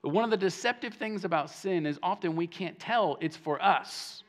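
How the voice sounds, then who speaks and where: A man preaching a sermon as pastor, animated and emphatic, often repeating words as he starts a phrase. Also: sits high, normal speed. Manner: animated preaching, swings between hushed and emphatic.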